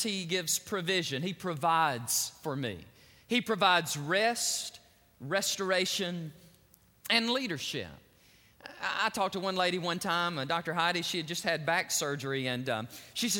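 A man's voice: high-pitched, sharp tone, long reverb tail. A man preaching a sermon as pastor, building into emphatic swells and repeated phrases.

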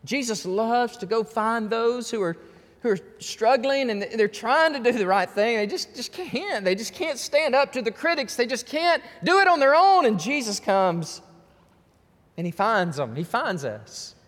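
A pastor preaching a fervent sermon, repeating himself and rising to shouts. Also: male voice, very high-pitched, expressive, measured pace. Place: church sanctuary. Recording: long reverb of a church hall.

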